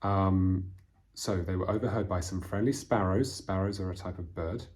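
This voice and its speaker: A man with a very low voice walks through storybook vocabulary like a patient English teacher. He explains each word in plain terms and often pauses on fillers as he thinks. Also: darkish tone. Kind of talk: vocabulary lesson reading from a storybook.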